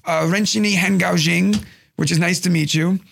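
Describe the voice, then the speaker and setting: Young New York man, podcast co-host; high, gravelly voice, rambling storyteller. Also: normal speed, a little hiss or hum. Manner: rambling, animated storyteller acting out quotes. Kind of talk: casual storytelling chat.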